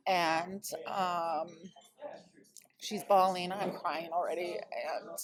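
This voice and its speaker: A woman with a fairly low voice tells a personal story in a casual vlog, earnest and rambling, full of fillers. She speaks as a psychic medium. The clear murmur of a crowd sits behind her. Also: slow pace, poor audio.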